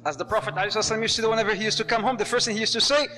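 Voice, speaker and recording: A man preaching to a live audience. He tells stories in an animated way, acts out the voices and mixes Arabic phrases into his talk. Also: sits high, rapid-fire, big-room sound. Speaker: Islamic preacher.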